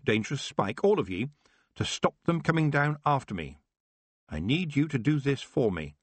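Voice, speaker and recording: A man's voice: mid-range voice, dry recording, pitched above the performer's own voice. A man voicing a young witch girl who speaks firmly and earnestly. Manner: firm, earnest.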